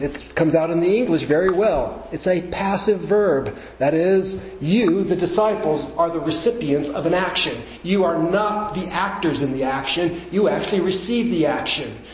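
A man's voice: a little high, slight background noise. Man preaching a sermon in a roomy hall. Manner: explains step by step, rising to emphatic questions. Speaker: pastor. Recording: roomy, dull church recording.

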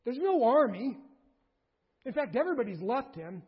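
Preacher man, high husky voice, gets loud then drops low, muffled echoey hall sound. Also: normal speed. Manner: animated, rising to emphatic bursts and dropping low. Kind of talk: sermon. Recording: dull lo-fi recording in a reverberant hall.

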